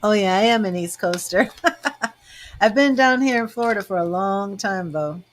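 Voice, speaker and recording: A woman's voice: mid-range voice, moderate pace, soft background music. Chatty middle-aged woman. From Boston, Massachusetts. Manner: chatty and rambling, laughs often. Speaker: tarot reader and psychic host. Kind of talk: casual livestream chat with viewers.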